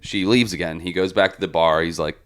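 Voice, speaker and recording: A man's voice: sits low, fairly even intonation, a little fast, a bit bright. A man hosting a podcast, casually telling a profane, rambling story. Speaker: podcast host.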